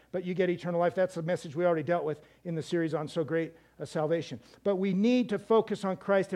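A man's voice: high-pitched, a little mellow. A man preaching a sermon as a missionary, conversational and emphatic, often repeating words and restarting.

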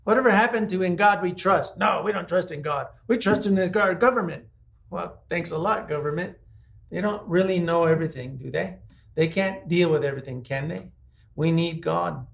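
A man's voice: high-pitched, normal speed, creaky, a bit bright. A man preaching a conversational sermon, asking his listeners many rhetorical questions. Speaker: pastor.

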